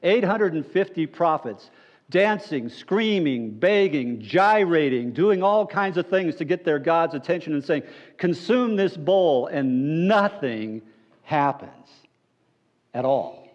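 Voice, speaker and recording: Animated male pastor preaching a sermon. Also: slow pace, muffled recording. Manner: animated, playful storytelling that drops to low earnest appeals.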